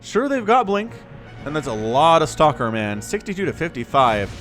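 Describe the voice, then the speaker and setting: A man giving lively solo play-by-play commentary on a strategy game match, quick and playful, with laughs and sound effects. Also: fairly high pitch, soft background music. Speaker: game caster.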